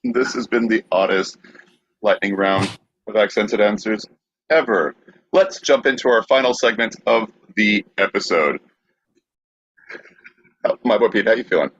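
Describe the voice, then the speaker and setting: A man's voice: lowish voice, a little slow, pauses often, a bit bright, slightly rough. A man hosting a podcast, reading out questions in an easygoing way. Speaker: podcast host. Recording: dull dry lo-fi sound.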